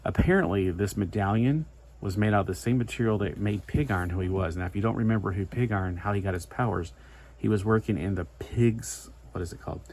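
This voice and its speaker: A man's voice: fairly low pitch, fast, darkish tone. A man giving a casual, rambling comic book review, full of chatty asides and filler words.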